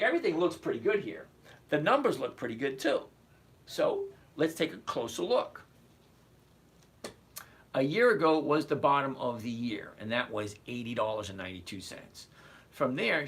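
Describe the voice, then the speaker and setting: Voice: mid-range voice, fairly bright tone. A trading instructor giving a live stock and options lesson, blunt and emphatic, repeating key points and making sarcastic asides to viewers.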